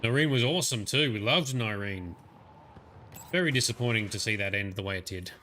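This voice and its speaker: A man's voice: on the low side, a little fast, pushed and bright, a little hiss or hum. A man with an Australian accent giving chatty, laughing commentary over a game livestream. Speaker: streamer. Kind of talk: let's play commentary.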